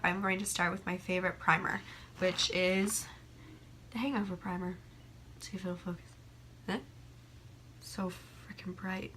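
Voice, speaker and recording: A young woman with a hoarse voice from a cold, chatting casually and rambling as a beauty vlogger by a window. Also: medium pitch, moderate pace, pauses often, bright, forceful tone, a little hiss or hum. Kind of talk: casual chat. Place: room by a window.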